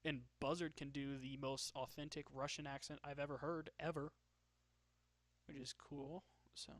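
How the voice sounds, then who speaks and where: A man's voice: fairly high pitch, level tone, moderate pace, dry recording. A man chatting casually while drawing, joking about himself and laughing often. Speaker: streamer.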